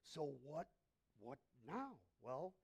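A male pastor delivers a sermon in a church. His voice sits fairly high for a man, with a gravelly fry and a husky edge. He tells stories in an animated, conversational way and often stumbles into restarts. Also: slow. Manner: animated storytelling, frequent restarts.

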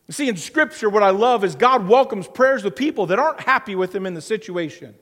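A man's voice: high-pitched, expressive, fairly quick, hardly any pauses, a bit bright. A man preaching a sermon as pastor, earnest, with a repetitive preaching cadence. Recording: long hall reverb.

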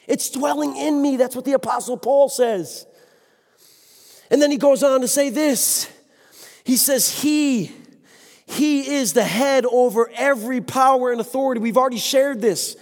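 A man's voice: extremely high pitch, a little slow, darkish tone. A man preaching a sermon with passion, exclaiming and speaking to the congregation. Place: church sanctuary. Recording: long hall reverb.

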